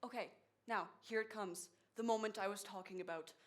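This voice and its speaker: A woman playing a lonely middle-aged man who narrates a stage musical, rambling and confiding to the audience with halting restarts. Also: medium pitch, natural voice. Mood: wistful. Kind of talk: stage acting, chatty monologue to the audience.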